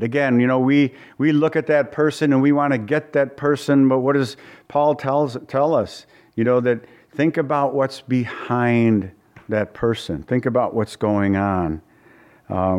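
A man's voice: mid-range voice, a little mellow. A man preaching a conversational Bible-study sermon in a folksy way, often repeating words and asking his listeners questions.

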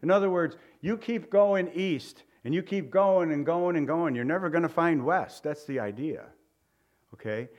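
A man's voice: fairly high pitch, normal speed, darkish tone. Pastor type, male, easygoing storyteller preaching a casual sermon, folksy delivery. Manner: folksy, conversational, tells anecdotes. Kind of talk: informal sermon.

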